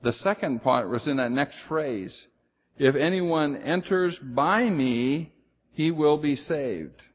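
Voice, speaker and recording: A pastor preaching a sermon with emphasis, rising loud on key phrases and dropping low and slow to drive points home. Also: male voice, animated, husky, in a large hall.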